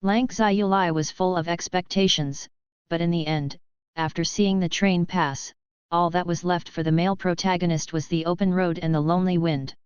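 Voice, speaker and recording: A woman narrating a novel in an even, steady storytelling manner. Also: lowish voice, moderate pace, clean tone, no echo. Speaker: audiobook narrator. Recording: dull lo-fi, dry.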